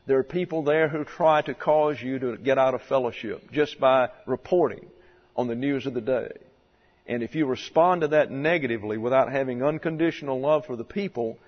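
A man preaching a sermon, teaching slowly and deliberately, with measured emphasis on key words. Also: mid-range voice. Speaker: pastor. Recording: dull lo-fi sound in a long-reverb hall.

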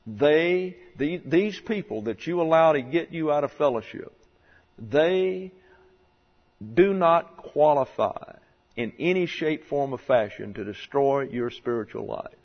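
Deliberate male preacher in a reverberant hall. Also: a little high, expressive. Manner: slow, deliberate teaching with measured emphasis. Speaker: pastor. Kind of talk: sermon. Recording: dull lo-fi sound in a long-reverb hall.

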